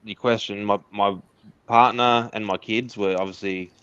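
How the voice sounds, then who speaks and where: A man's voice: lowish voice, fairly even intonation, normal speed, a bit bright, clear, resonant tone, no echo, lo-fi sound. A man with an Australian accent, an interview guest candidly telling a personal story in casual conversation. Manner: candid, earnest storytelling with laughs.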